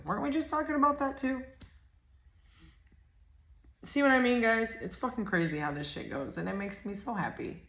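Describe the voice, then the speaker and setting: A woman doing a casual spiritual oracle card reading, chatty and rambling, getting excited and swearing freely. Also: medium pitch, roomy sound.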